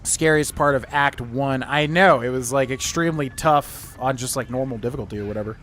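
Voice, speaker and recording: Relaxed male game streamer. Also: mid-range voice, brisk, slight background noise. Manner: relaxed, chatty, reading in-game text aloud. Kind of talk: casual gameplay commentary.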